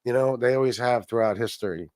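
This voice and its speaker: Male livestream host, rambling and profane, mid pitch, dry room. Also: fast, a little mellow, no echo. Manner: rambling, swearing, reads chat aloud. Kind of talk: casual profane livestream chat.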